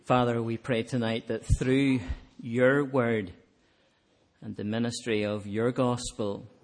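A man preaching an evangelistic sermon, earnest, swelling to emphatic peaks and then dropping to soft, quiet appeals, closing in prayer. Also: mid-range voice, level tone, slow pace.

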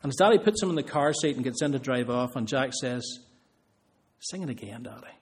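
A man's voice: mid-range voice, lively intonation, fast. A man preaching a sermon, earnest, building emphasis through repeated phrases.

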